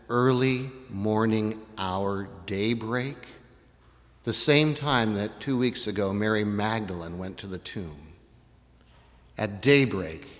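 A man preaching a sermon, retelling a story with animated, dramatic delivery. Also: on the low side. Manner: animated storytelling, acts out voices, rises to shouts. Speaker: pastor. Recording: long reverb in a large hall.

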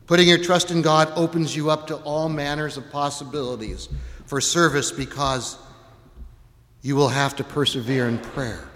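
A man's voice: fairly high pitch, steady tone, normal speed, fairly bright tone, long reverb tail. A male pastor preaching a sermon in an earnest way, now and then acting out playful sample prayers.

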